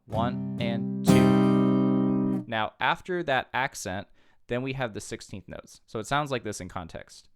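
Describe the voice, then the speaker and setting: A man's voice: medium pitch, animated, normal speed. A man giving a casual guitar tutorial, patiently walking through chords and counting beats aloud. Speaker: guitar teacher. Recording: loud guitar music underneath. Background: guitar playing.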